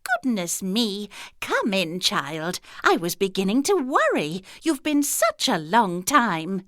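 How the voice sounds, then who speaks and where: A woman voicing a kindly old grandmother who fusses gently and speaks slowly, in a children's storybook reading. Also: medium pitch, wildly swooping pitch, dry recording, studio quality, heavily acted. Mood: fussing. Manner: gentle, slow, fussing.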